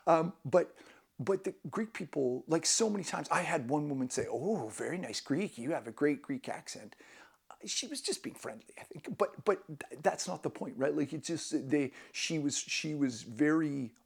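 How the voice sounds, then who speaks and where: A man's voice: on the high side, expressive, normal speed, vocal fry, breathy edge. A man vlogging casual travel tips to camera, enthusiastic and rambling, with many restarts.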